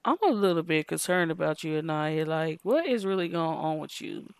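A woman's voice: low voice, lively intonation, normal speed, vocal fry, pitched below the performer's own voice. A woman voicing a concerned young boyfriend in a life-sim game, questioning in casual slangy talk. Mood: worried.

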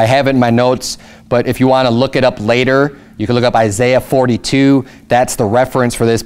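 A man pastor preaching a sermon, reading scripture slowly and explaining it in casual asides, with rhetorical questions that jump up in pitch. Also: darkish tone, clean tone. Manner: rises sharply in pitch for emphatic rhetorical questions.

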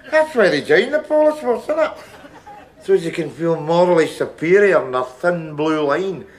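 A man with a Glaswegian accent, playing a scruffy, sardonic middle-aged man in a jail cell who rambles and stammers through restarts. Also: high voice. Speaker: sitcom lead. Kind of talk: sitcom monologue.

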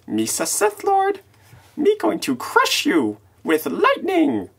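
A man voicing a goofy male alien clown turned Sith lord, in a squeaky falsetto with broken baby-talk grammar. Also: huge pitch swings, slow, vocal fry, a bit bright, full character voice. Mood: gloating.

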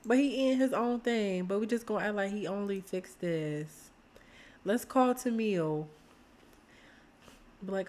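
A woman, chatting excitedly to viewers while playing a life-sim game. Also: medium pitch, measured pace. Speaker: gaming streamer. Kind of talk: casual let's-play commentary.

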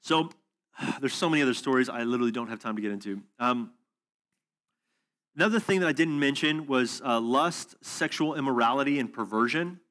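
Male preacher, mid pitch, chatty storytelling delivery with frequent "um"s, teaching to a conference room. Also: animated, fairly quick, a bit bright. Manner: storytelling, conversational with asides and fillers.

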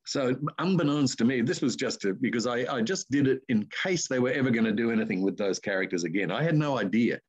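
A man's voice: mid-range voice, fast talker, few pauses, breathy edge. An older man with an Australian accent, a voice artist telling rambling anecdotes as an interview guest. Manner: rambling anecdotes with lively asides. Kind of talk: casual interview storytelling.

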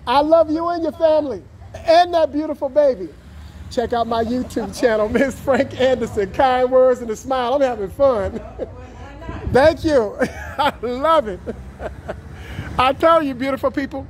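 A man vlogging outdoors on a city street, greeting passing drivers and strangers with effusive, warm words and frequent laughter, repeating his catchphrases. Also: extremely high pitch, unhurried, slight background noise. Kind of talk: upbeat street vlog. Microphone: camera he films himself with.

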